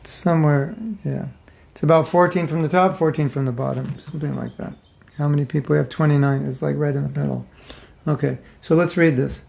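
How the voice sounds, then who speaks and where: The voice is a man's, fairly high in pitch with fairly even intonation, a little quick, with vocal fry and a slightly mellow quality. He's middle-aged and giving a humorous, informal spiritual lesson, joking with the audience and acting out their reactions in a conversational style.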